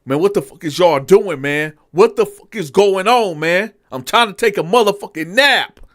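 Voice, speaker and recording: A man's voice: fairly high pitch, big pitch swings, moderate pace, fairly bright tone, voice pushed up. A man voicing a violent male inmate who brushes off the guards, swears and threatens them. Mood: angry.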